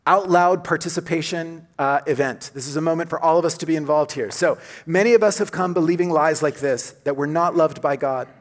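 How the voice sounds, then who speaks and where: A pastor delivers a sermon in a church, earnest and conversational, easing into a hushed tone whenever he quotes scripture. His voice sits a little high for a man. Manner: earnest, conversational preaching, softens when quoting scripture.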